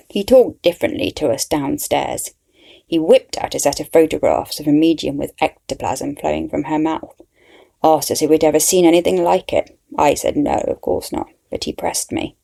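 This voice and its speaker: A woman's voice: sits low, moderate pace, creaky, dark tone. A woman narrating a story in the first person with a wry, dry manner.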